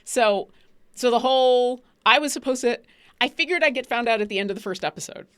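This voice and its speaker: A woman's voice: fairly high pitch, brisk, fairly bright tone, clean tone. A woman chatting casually about acting in a tabletop show, rambling and restarting with lots of fillers. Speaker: actor and player on a tabletop show. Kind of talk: casual chat.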